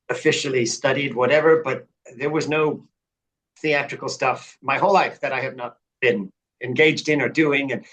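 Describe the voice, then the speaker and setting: A man's voice: medium pitch, a bit bright, low-quality recording. A middle-aged man, a podcast guest, telling his story in an earnest, reflective way that builds to fervent emphasis. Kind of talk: conversational interview storytelling.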